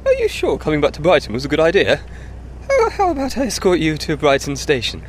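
An earnest, fussy young police constable in a radio comedy. He talks quickly, and his slightly raised voice bounces up and down a great deal. He stays polite, flustered and over-precise. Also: on the high side, wildly swooping pitch, noisy background.

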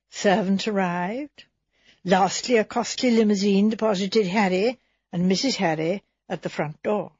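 Brief: female audiobook narrator, even storytelling, breathy, muffled sound. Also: medium pitch, no room sound. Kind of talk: scripted narration.

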